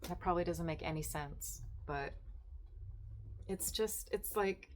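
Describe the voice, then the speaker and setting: A woman's voice: lowish voice, measured pace. A woman hosting a book podcast at home, chatting in rambling asides and then reading a story aloud. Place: at home with her cats.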